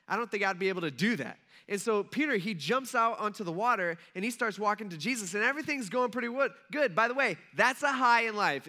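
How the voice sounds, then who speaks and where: Pastor guy in his 30s, high bright voice, super casual sermon, animated storytelling, says "like" a lot. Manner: animated storyteller, acts out quotes, many fillers like "like".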